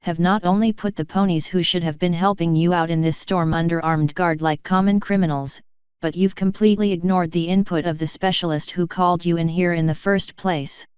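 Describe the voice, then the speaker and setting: A woman's voice: on the low side, fairly even intonation, brisk, a little mellow, smooth, no echo, natural voice. A woman voicing a stern, commanding stallion captain who speaks in a clipped, authoritative way. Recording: dry, slightly muffled.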